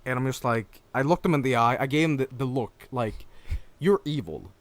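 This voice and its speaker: A young adult man telling an animated, profane story, laughing often and acting out quotes in high voices. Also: fairly quick, dry recording. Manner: profane and excitable. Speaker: streamer reacting to an animation.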